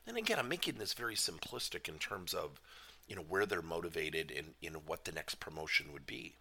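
A man giving a motivational business talk as a leadership coach, emphatic and animated, asking many questions. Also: low voice, a little fast, gravelly, slightly rough.

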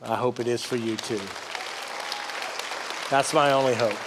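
A man preaching a sermon as a pastor, emphatic, swinging from loud peaks down to low, soft passages. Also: fairly even intonation, measured pace, long reverb tail, a loud crowd, very noisy.

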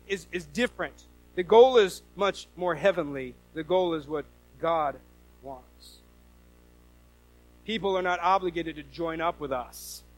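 High-voiced pastor preaching conversationally. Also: male voice, low-quality recording. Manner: conversational preaching with repeated restarts and rhetorical questions. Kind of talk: sermon.

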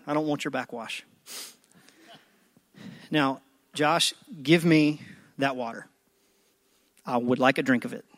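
A preacher man with a slightly high voice, delivering a sermon with big swings between quiet, intimate moments and loud, pleading ones. He acts out prayers in other people's voices. The sound is dry and close, with no room around it. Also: no echo. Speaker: pastor.

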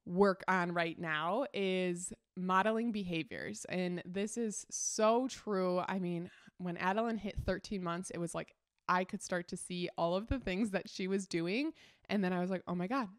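A young adult woman hosting a podcast, a mother chatting casually about parenting with many fillers and quick laughs. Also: fairly low pitch, clean tone, dry recording, studio quality. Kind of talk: casual solo podcast chat.

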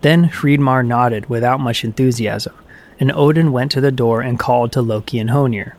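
Man, audiobook myth narration, measured, even, steady storytelling. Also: medium pitch.

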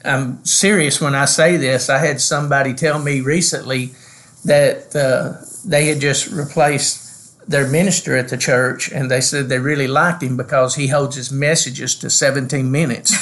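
A man's voice: medium pitch, steady tone, a bit bright. A man co-hosting a ministry podcast, teaching in an earnest, preacherly way. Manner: earnest, preacherly, drawn-out emphasis. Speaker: pastor and podcast co-host.

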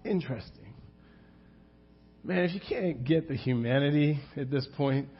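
A man's voice: on the high side, normal speed, husky, highs cut off. A male pastor preaching a sermon in a conversational, rhetorical way, often calling out to the congregation.

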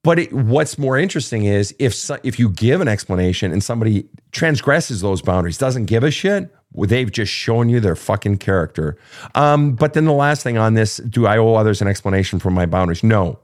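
A man's voice: lowish voice, a little fast. A man hosting a live advice talk show, answering listener questions in a blunt, profane and emphatic way. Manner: animated, acting out emotional outbursts. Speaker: podcast host.

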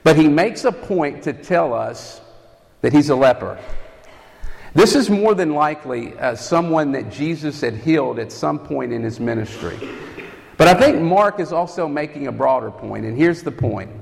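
A man's voice: fairly high pitch, lively intonation, moderate pace, vocal fry. A man preaching a sermon, teaching earnestly and asking his listeners rhetorical questions. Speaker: campus ministry preacher. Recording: long reverb of a hall.

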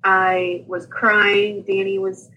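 A woman in her thirties recounts her experience as a guest, chatting casually with bursts of laughter and playful impressions of the people in her story. Her voice sits at a middle pitch. A faint hiss of noise lies under the recording. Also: takes it slowly, highs cut off. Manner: animated, laughs often, acts out quoted people. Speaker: podcast guest sharing her birth story.

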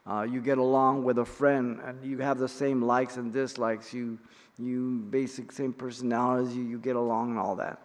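A middle-aged man teaching an in-depth Bible study, speaking in a measured, emphatic way with pauses and occasional fillers. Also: medium pitch, level tone. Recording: long reverb in a hall.

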